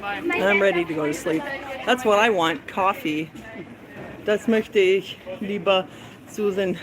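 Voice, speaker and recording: A woman's voice: medium pitch, measured pace, a crowd in the background. Chatty woman vlogging on an uphill walk. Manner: chatty, breathless from climbing, yawning. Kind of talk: walking travel vlog. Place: outdoors in a hilly lakeside town.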